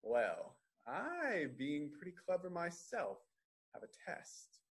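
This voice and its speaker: A man's voice: a little high, huge pitch swings, takes it slowly, breathy edge, pitched above the performer's own voice, heavily acted. A man doing a crafty, scheming dragon.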